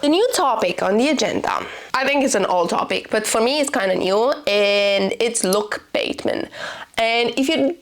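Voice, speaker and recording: A woman's voice: fairly high pitch, moderate pace. A young woman book vlogger ranting casually to camera, swearing and incredulous.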